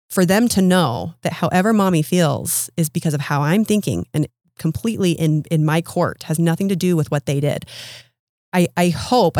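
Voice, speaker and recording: A woman's voice: on the low side, a little mellow, no echo, clean studio sound. A woman in her thirties speaking as a podcast guest, explaining her ideas in an earnest, coaching way. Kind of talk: casual interview conversation.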